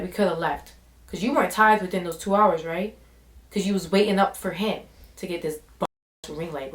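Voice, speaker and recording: A young woman telling a storytime vlog, animated and full of slang, jumping into little voices for everyone in the story. Her voice sits at a middle pitch and rings in a bare, echoey room. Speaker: vlogger.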